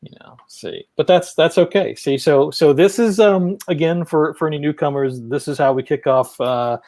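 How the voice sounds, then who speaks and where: Rambling co-host, mellow dry voice. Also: mid-range voice, normal speed, no echo. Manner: rambling, many fillers and restarts. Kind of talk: live-stream hosting.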